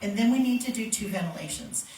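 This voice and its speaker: A woman CPR instructor leads a hands-on first aid workshop for a live group, her medium-pitched voice animated and fast. She teaches in a plain, practical, demonstrative way, acting out shouts. Her handheld mic sits a bit off, and the echoey room carries a faint background hum.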